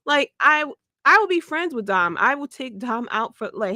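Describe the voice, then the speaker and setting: Animated, laughing woman podcast host. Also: high-pitched, moderate pace, dry recording, clean studio sound. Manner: animated, joking, laughs often, swears freely. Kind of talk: casual wrestling recap chat.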